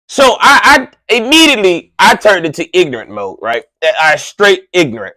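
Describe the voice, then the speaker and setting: Excitable high-voiced male radio host. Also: moderate pace, hardly any pauses, no room sound. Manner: excitable, swings loud and high when worked up; conversational slang with frequent "right?" asides. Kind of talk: animated storytelling monologue.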